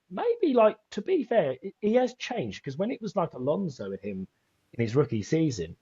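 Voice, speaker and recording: A man co-hosting a casual racing podcast, rambling and animated, jumping into high voices when he quotes people. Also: slightly rough, no echo, dull audio. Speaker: podcast co-host.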